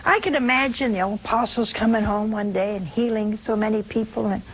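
A woman's voice: mid-range voice, a little fast, slight background noise. A woman preaching a sermon, telling stories with humor and asking her listeners direct questions. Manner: animated, humorous storytelling.

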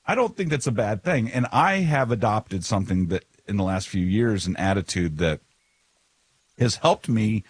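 A man co-hosting a podcast in casual chat, animated and eager, often restarting his sentences. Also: on the low side, moderate pace, breathy edge, no echo. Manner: animated, eager, stumbles over words. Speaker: podcast co-host.

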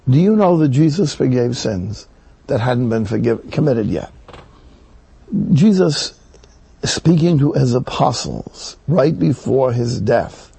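An older man preaches with earnest emphasis, his voice rough with gravel and very husky. The tone is dark and mellow, and the sound is close and dry with no room around it. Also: mid-range voice, no room sound. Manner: earnest, emphatic, rising on key words. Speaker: Catholic preacher. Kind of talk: sermon.

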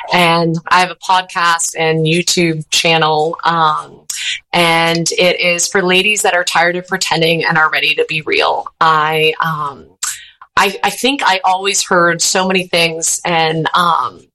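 A woman in her thirties, a podcast host talking openly and unfiltered as an interview guest, thinking out loud as she goes. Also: lowish voice, low-quality recording. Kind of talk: casual interview chat.

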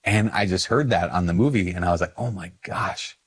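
A man, a priest, talking casually in a video, animated and self-mocking, rambling with fillers. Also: low voice, fast talker, slightly rough. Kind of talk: casual video talk to camera.

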